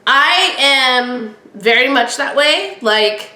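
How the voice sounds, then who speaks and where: A woman's voice: fairly high pitch, a little slow, hardly any pauses, bright, forceful tone, reverberant. A woman hosting a podcast, talking casually and with strong opinions, acting out bits of past conversations. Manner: chatty, opinionated, acts out quoted dialogue. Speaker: podcast host. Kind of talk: casual solo podcast talk.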